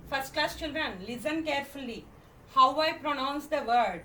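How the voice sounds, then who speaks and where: A high, animated, fairly bright female voice with an Indian English accent leads a first-grade phonics lesson. She spells every word letter by letter, says it slowly, repeats her questions, and keeps checking "okay?" The mic is distant in an echoey room with some faint noise.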